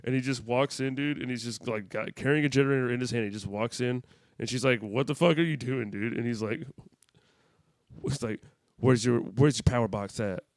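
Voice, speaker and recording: A man's voice: mid-range voice, steady tone, a little fast, dry recording. A man chatting casually on a podcast, swearing freely and laughing through his story. His voice sits in a middle register. The sound is dry and close, with no room around it. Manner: loose, profane storytelling with laughs. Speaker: podcast co-host. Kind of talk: casual chat.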